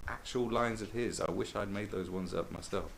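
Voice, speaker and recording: A man's voice: on the low side, normal speed, creaky, noisy background. A man hosting a podcast, telling rambling, sweary stories in a casual monologue.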